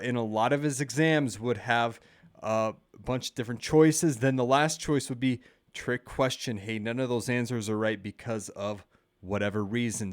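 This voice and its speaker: A man hosting a casual quiz, talking in a loose, chatty way full of filler words. His pitch sits in the middle for a man, and his voice jumps up and drops back often. The sound is dry and close, with no room around it. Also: no room sound. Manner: chatty, peppered with "hey" and "uh", lively pitch swings. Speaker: channel host running a quiz game.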